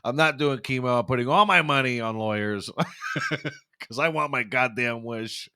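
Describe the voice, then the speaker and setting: A man's voice: medium pitch, a little slow, sharp tone, clean tone. A young man hosting a casual podcast, ranting in a rambling, profane way with lots of stumbling restarts. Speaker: podcast host.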